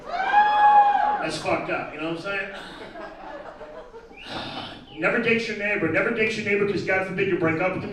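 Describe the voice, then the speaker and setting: A man's voice: sits high, a bit bright. A man doing a crude, brash stand-up set and teasing the crowd at a live event. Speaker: stand-up comedian. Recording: echoey distant mic with crowd. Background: audience chatter and laughter.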